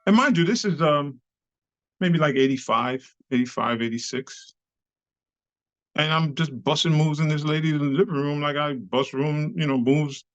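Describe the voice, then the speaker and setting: A man's voice: a little high, normal speed. Slangy New man telling stories. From New York City. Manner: animated storyteller, slangy and profane, acts out quoted people. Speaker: guest, club dancer. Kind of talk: casual storytelling interview. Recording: slightly dull lo-fi recording.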